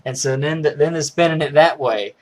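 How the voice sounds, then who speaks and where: A man's voice: fairly high pitch, brisk. A man casually recapping a movie's plot in a rambling way, restarting sentences and chuckling as he goes. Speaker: movie reviewer.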